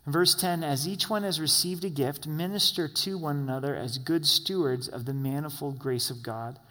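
A man's voice: on the high side, normal speed, bright, forceful tone. Chatty preacher man in a reverberant hall. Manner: conversational preaching with rhetorical questions. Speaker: pastor. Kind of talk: sermon.

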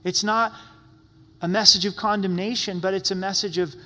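A man's voice: high voice, fairly even intonation, moderate pace, pushed and bright, in a large hall. A man preaching a sermon as pastor in a church sanctuary, talking in an earnest, pleading, conversational way.

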